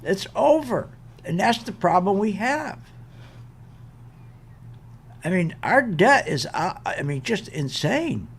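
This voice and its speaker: A man's voice: high-pitched, big pitch swings, takes it slowly, gravelly, pauses often, slight background noise. An older man hosting an investment show, ranting in an exasperated, emphatic way and hammering his points with repetition. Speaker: show host. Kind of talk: animated market commentary rant.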